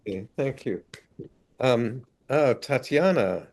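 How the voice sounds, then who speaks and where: Slow-talking man hosting a reading. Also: mid-range voice, lively intonation, darkish tone. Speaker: host. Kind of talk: introducing readers at a live event. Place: live reading event.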